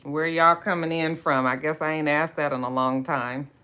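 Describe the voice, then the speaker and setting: A woman's voice: low-pitched, fairly even intonation, normal speed, bright, forceful tone, clean tone. A woman hosting a book club livestream, greeting viewers by name in a chatty, drawling way. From West Coast of the United States. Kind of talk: casual livestream chat.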